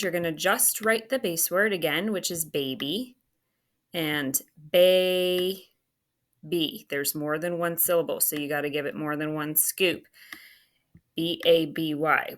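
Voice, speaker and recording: Bright, slow-paced woman teaching phonics. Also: sits low. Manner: patient, spells words letter by letter; self-talk while writing on screen. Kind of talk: phonics lesson walkthrough.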